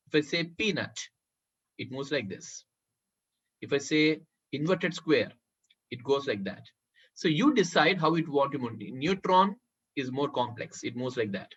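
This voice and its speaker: A man running a live software tutorial as a workshop trainer, often calling his listeners friends and checking whether they can see the screen. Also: a little high, husky. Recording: muffled lo-fi recording.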